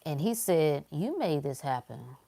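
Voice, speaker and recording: A woman's voice: low-pitched, very animated, a little slow, creaky, warm tone. A woman hosting a casual motivational livestream, talking emphatically to her viewers and repeating phrases to drive her points home. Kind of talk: casual motivational talk to a live audience.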